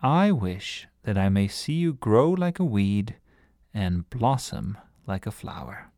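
A man voicing a gentle, kindly older woman. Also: lowish voice, big pitch swings, takes it slowly, no echo, clean studio sound, heavily acted. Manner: gentle, soft-spoken, kindly.

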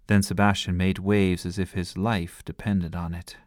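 A man reading a bedtime story aloud in a gentle, lively storytelling manner. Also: low-pitched, normal speed, hardly any pauses, dry recording, studio quality.

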